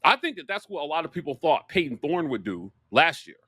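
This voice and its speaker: A man co-hosting a casual sports talk show, animated and excitable, quick to agree. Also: fairly high pitch, husky, no room sound. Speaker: podcast co-host.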